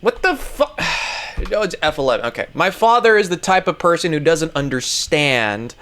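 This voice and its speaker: A man's voice: fairly high pitch, lively intonation, moderate pace, fairly bright tone, smooth. A man casually reading an article aloud. He rambles, swears often and stumbles over words as he comments along the way.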